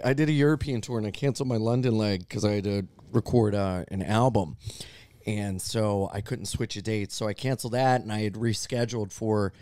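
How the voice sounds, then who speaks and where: A man's voice: lowish voice, warm tone, no echo. A man who does stand-up, joining a podcast as co-host and trading teasing quips in casual chat. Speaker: stand-up comedian, guest co-host.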